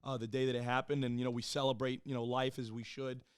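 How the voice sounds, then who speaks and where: A man in his thirties, a podcast guest, telling his own story in a casual, profane, animated way and acting out the people he quotes. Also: medium pitch, fast, smooth, no room sound, clean studio sound. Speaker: podcast guest, former Marine and police officer.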